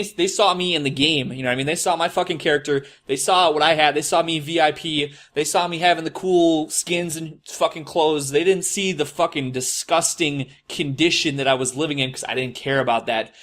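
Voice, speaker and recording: A man's voice: on the high side, steady tone, brisk, hardly any pauses, a bit bright. A young man telling a rambling, swear-heavy confessional story and mocking his past self. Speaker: host. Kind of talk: profane confessional monologue.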